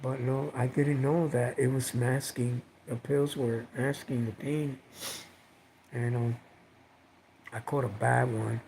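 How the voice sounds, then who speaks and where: A man's voice: medium pitch, little pitch movement, takes it slowly, vocal fry, a little mellow, slight background noise, rough recording. A man casually telling a personal story on a livestream, rambling, repeating himself and swearing now and then.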